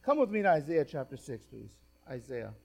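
A man preaching a sermon as pastor, reading scripture aloud with dramatic stress and swinging from loud emphatic lines to quiet asides. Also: a little high, very animated, a little fast, creaky.

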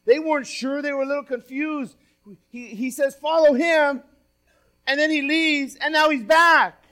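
Male pastor, sermon, high voice, emphatic scripture reading, loud-to-quiet swings. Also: normal speed. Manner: reads scripture aloud with dramatic stress.

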